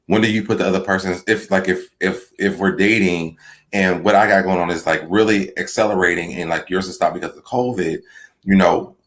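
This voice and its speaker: A man with a very deep voice hosts a relaxed TV recap conversation. He thinks out loud, circles back on his words and drops "like" into his sentences as he goes. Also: brisk. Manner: talks through ideas out loud, repeating himself and adding "like" often. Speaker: host. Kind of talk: casual TV recap chat.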